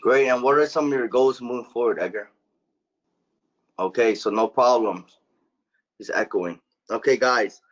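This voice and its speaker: A man's voice: medium pitch, moderate pace, long pauses. A man running a sales team meeting over a call, blunt and casual, swearing now and then. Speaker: sales manager. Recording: dull lo-fi call audio.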